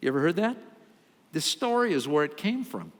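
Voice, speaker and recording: A man preaching in a church sanctuary, his voice sitting high and swinging widely as he acts out the story's lines. The sound carries a long hall reverb behind every phrase. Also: fairly quick. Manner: animated storytelling with acted-out quotes. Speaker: pastor. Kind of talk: sermon.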